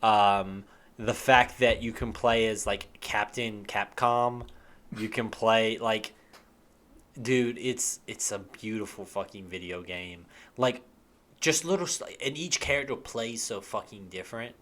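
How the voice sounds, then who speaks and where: A man's voice: fairly low pitch, measured pace, a bit bright. Enthusiastic man swearing through game talk. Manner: enthusiastic, swearing, hums tunes and acts out quotes. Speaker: podcast co-host. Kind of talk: casual gaming podcast chat.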